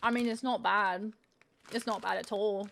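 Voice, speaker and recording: A woman's voice: mid-range voice, fairly even intonation, moderate pace, vocal fry, a bit bright. A woman streamer chatting casually while she tastes snacks on a live stream, self-mocking and swearing freely.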